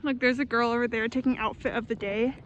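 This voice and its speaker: A woman's voice: on the high side, fairly even intonation, fast talker, a bit bright, dull audio. A young woman, a doctoral student, chatting upbeat to her viewers in a casual vlog. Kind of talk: casual vlog narration to camera.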